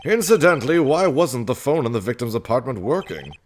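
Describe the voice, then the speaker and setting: A man's voice: medium pitch, big pitch swings, fairly quick, a little hiss or hum, voice pushed up, natural voice. A man voicing a stern, formal male judge in a video game, with a raised, pompous delivery.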